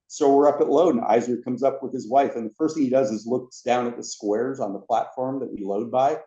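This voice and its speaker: A man telling anecdotes as a podcast guest, a lively storyteller who acts out the other people in his stories. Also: mid-range voice, a little fast, few pauses. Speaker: podcast guest, former theme park ride attendant. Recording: roomy, dull lo-fi sound.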